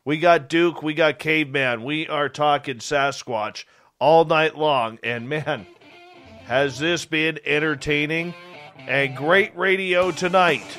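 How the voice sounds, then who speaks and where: A man's voice: a little high, slow, a bit bright, soft background music. A male radio talk show host, upbeat and announcer-like.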